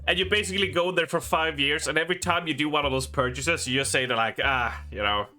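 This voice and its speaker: A man's voice: on the high side, fast, bright, forceful tone, soft background music. An Australian man chatting casually while streaming a game, rambling with lots of fillers and frequent laughter. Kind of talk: casual chat while gaming.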